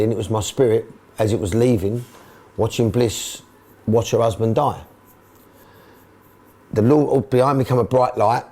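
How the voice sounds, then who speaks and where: A man's voice: lowish voice, a little mellow. A middle-aged man from England, a football club owner and manager, speaking emotionally and repeating himself in a candid documentary interview.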